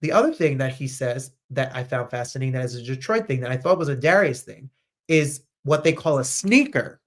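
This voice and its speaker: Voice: medium pitch, expressive, fairly quick. New Jersey accent, chatty host, casual talk, reads viewer comments aloud.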